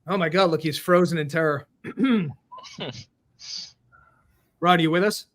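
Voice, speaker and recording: A man's voice: on the high side, unhurried, fairly bright tone. A middle-aged American man hosting a casual comedic talk show over a video call, full of joking, self-mocking asides. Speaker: podcast host.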